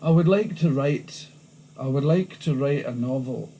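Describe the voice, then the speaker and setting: A man with a thick Glasgow accent, talking through an interview in lively stories full of restarts. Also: mid-range voice, unhurried, poor audio. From Scotland. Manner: animated storytelling, frequent restarts. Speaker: interviewee, comedian. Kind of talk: candid interview chat. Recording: old VHS tape with faint hiss.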